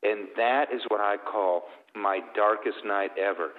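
A man's voice: fairly low pitch, a little slow. Earnest middle-aged man on a tinny line. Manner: earnest, tender storytelling. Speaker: guest. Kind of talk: emotional testimony. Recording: tinny, phone-like sound with long reverb.

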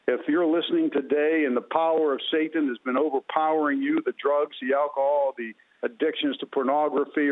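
Fervent man on a tinny phone line. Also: a little high. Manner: impassioned, preacherly, repetitive phrasing. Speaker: guest giving testimony. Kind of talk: fervent testimony and prayer.

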